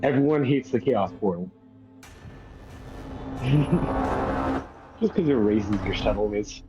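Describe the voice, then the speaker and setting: A man's voice: fairly low pitch, animated, slow pace, music in the background, rough recording. A man chatting casually, rambling through an explanation and laughing at his own points. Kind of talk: casual chat.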